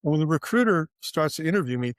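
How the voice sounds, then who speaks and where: A man's voice: fairly high pitch, lively intonation, fast, no echo, clean studio sound. An older man, a former theme park designer, telling his career story in an interview and acting out the dialogue as he goes. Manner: vivid storyteller, acts out quoted dialogue.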